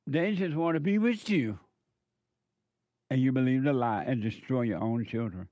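A man giving an impassioned spiritual monologue, emphatic and repetitive, slowing down to stress his points. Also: mid-range voice, darkish tone, no echo. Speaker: speaker preaching about the devil.

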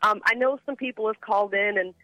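A man's voice: high voice, quick pace, lo-fi sound, over loud music. A man giving an earnest, confessional testimonial on the radio. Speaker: testimonial speaker.

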